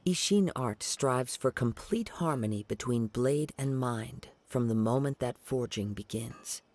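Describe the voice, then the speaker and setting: An actor playing a calm, modest young male wandering samurai in a game, speaking in a composed, polite way. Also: medium pitch, a little slow, slight background noise, natural voice. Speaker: game character.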